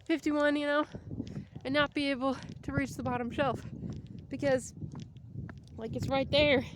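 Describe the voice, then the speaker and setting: A woman's voice: high-pitched, steady tone, unhurried, noisy background. A woman in her thirties rambling casually in a vlog, slightly out of breath as she walks outdoors. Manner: chatty, rambling, tangents. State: out of breath from walking. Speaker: vlogger. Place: outdoors, walking on a street.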